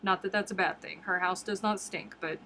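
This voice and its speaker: A woman's voice: medium pitch, steady tone, a little fast, bright, forceful tone, a little hiss or hum. A woman chatting casually as she hosts a crochet livestream, talking to her viewers in a loose, rambling way, often doubling back on her words and breaking into laughter. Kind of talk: casual live-stream chat.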